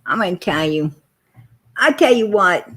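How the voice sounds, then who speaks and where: Her voice is low-ish and expressive with a fairly bright, slightly rough tone, and she keeps a measured pace. A mother of four, she runs a casual livestream where she tells stories and argues with viewers in a blunt, foul-mouthed way.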